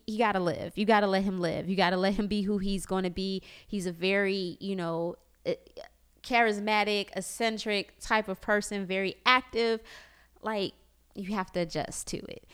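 Smooth-voiced woman in her thirties, chatty. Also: mid-range voice, moderate pace. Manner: chatty and animated, mimics family members, lots of "like". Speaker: parenting vlogger. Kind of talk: casual confessional chat.

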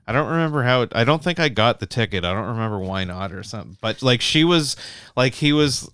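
A man's voice: medium pitch, lively intonation, fast, fairly bright tone, clear, resonant tone, no echo, studio quality. A young Canadian man telling long, rambling road stories in casual chat, swearing freely and full of "like" and restarts.

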